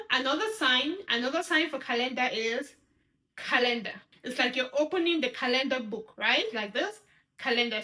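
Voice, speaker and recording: A woman's voice: high-pitched, bright, forceful tone. A woman teaching sign language step by step, patiently repeating each word and checking in with her viewers. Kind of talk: step-by-step instruction.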